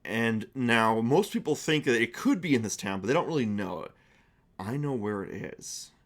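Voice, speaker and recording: A man voicing a nervous small-town barkeep who speaks in a low, shaken, secretive way. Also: natural voice. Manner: shaky, worried, hushed and secretive.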